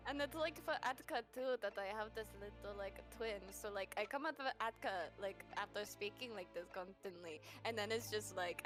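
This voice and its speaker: A woman's voice: medium pitch, fairly quick, few pauses, music in the background. A woman chatting on a game stream, rambling and giggling as she explains things. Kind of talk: casual chat on a game stream.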